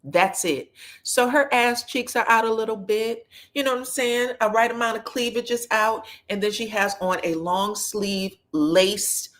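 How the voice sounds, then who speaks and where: A woman chatting casually as she recaps a reality TV episode, sassy and chatty, and she jumps into lively voices when she quotes people. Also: on the high side, measured pace.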